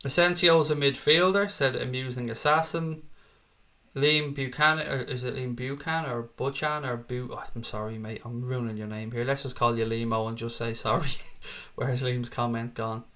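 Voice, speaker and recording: Hosting a fan channel, a man from Ireland chats casually and rambles his way through viewers' comments, tossing in self-deprecating remarks. His voice is mid-range and fairly bright, and the talk is casual live-chat commentary.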